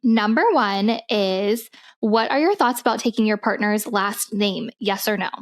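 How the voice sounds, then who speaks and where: A woman's voice: medium pitch, a little slow. A young adult woman co-hosting a casual podcast, chatty and giggly as she reads out listener submissions. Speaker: podcast co-host. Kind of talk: casual chat.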